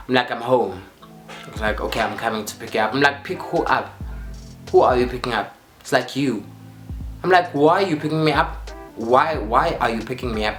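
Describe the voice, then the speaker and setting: Pushed and bright in tone, this mid-range male voice belongs to a young South African vlogger telling a story. He performs quotes and repeats lines for drama, with faint music and a roomy echo in the background.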